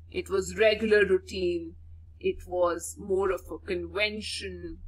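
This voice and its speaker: A teacher, reading a story to pupils and explaining words by repeating them and giving synonyms. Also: female voice, mid-range voice, fairly bright tone, poor audio. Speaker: English teacher. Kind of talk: reading a school lesson aloud and explaining words.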